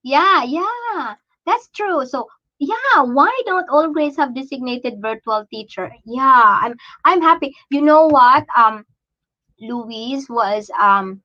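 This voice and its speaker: Woman, high voice, casual parent vlog, emotional and stop-start, dull lo-fi recording. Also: expressive, bright, forceful tone. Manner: emotional, halting, many restarts. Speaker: parent vlogger.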